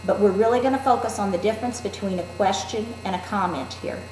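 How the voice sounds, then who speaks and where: A woman teacher demonstrating a classroom activity in a clear, deliberate, instructive way. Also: medium pitch, a little mellow, a little hiss or hum. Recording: roomy echo.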